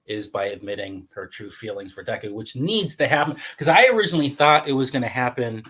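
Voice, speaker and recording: Bright-voiced excitable man co-hosting. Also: mid-range voice, brisk, breathy edge. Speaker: podcast co-host. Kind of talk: casual podcast chat.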